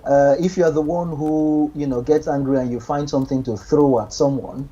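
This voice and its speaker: A man talking through relationship advice in an earnest, meandering way, doubling back over his own words. His voice is husky and mellow, and the recording sounds dull and lo-fi. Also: fairly high pitch, fairly even intonation, normal speed. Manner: earnest, repeats words, many restarts and "you know". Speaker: guest giving relationship advice. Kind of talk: casual advice chat.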